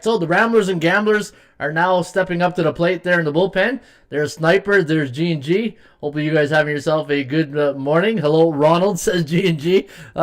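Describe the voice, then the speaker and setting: Middle-aged guy running a betting livestream, kinda high voice, rambly, lots of uh's. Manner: rambling, chatty, reads chat comments aloud with many "uh"s. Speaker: sports betting podcast host. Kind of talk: casual live-stream chat.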